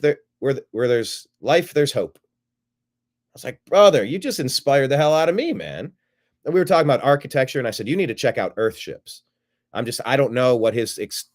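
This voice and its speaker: A middle-aged man hosting a show, casually rambling as he retells a phone call and acts out both sides of it. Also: fairly low pitch. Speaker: show host. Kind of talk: casual livestream monologue.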